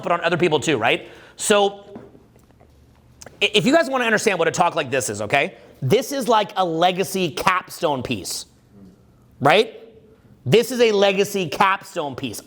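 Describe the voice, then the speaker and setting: A man in his forties, a dating coach, giving a live seminar talk from a stage in an animated, profane, conversational way that keeps checking in with "right?". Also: sits high.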